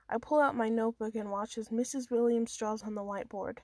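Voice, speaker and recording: A woman's voice: on the high side, steady tone, a little fast, few pauses, mellow, no room sound. A woman reading her own first-person story aloud in a casual amateur manner, with small stumbles and restarts.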